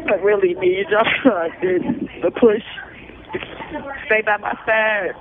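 A man's voice: high voice, slow, long pauses, crowd noise. A man making an emotional appeal for support, exhausted and pleading, with nervous laughs between his words. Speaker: person pleading for public support. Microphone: phone call. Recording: tinny phone line, faint noise.

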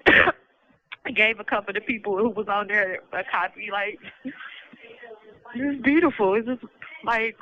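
A woman's voice: medium pitch, a little slow, pauses often, highs cut off, a little hiss or hum. A middle-aged woman, tired and emotional, giving an earnest, rambling thank-you over the phone and repeating her gratitude. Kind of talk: heartfelt spoken thank-you message.

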